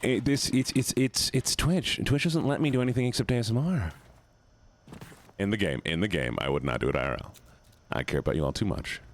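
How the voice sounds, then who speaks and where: A man streaming a game live, excitable, swearing often and repeating words in quick bursts while he chats to viewers. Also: on the low side, slight background noise. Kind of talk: live gameplay stream chat.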